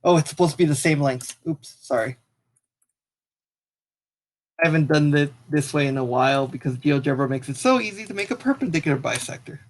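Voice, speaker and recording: A young man with a fairly high voice walks through a geometry tutorial in a loose, casual way. He talks as he clicks through the software and pauses to apologize for small slips, speaking into a desk mic at his computer. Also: expressive. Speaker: math tutor. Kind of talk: screen-recorded software tutorial.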